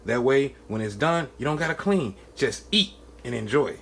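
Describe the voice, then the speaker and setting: A man's voice: mid-range voice, expressive, slight background noise. A man in his home kitchen, playfully talking his nephew through a home-cooked meal in a casual cooking vlog. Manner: playful, joking, with drawn-out sounds and soft asides.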